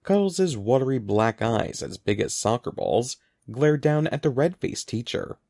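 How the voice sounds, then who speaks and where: A man reading a children's story aloud with a lively, rising and falling delivery. His voice carries a gravelly texture, and the recording is close and dry with no room sound. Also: medium pitch, measured pace, no room sound. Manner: expressive, animated reading. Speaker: narrator. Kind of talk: audiobook reading.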